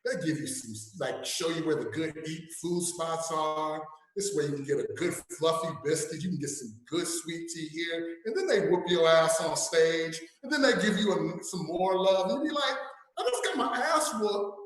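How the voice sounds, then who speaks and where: Man from California hosting a live poetry show, casual and chatty, fairly high voice, very echoey room. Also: lively intonation, normal speed. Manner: loose and chatty, with many fillers. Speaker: event host. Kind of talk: casual emcee talk at a live poetry event.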